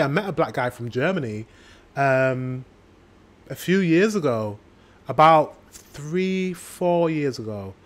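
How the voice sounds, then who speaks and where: A British man hosting a reaction video, chatting casually and drifting off on tangents. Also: medium pitch. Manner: rambling, goes off on tangents.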